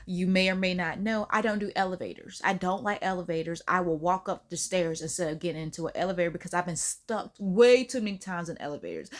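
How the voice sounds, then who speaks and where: A woman telling a casual storytime rant as a vlogger, animated and emphatic, repeating her points for effect. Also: on the low side.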